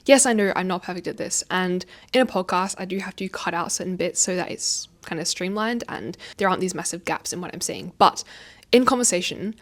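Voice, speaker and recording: Fast-talking young woman podcast host. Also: lowish voice. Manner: fast-talking, expressive, laughs often, slight stutter. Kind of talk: casual advice monologue. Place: home, indoors. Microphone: facing own camera.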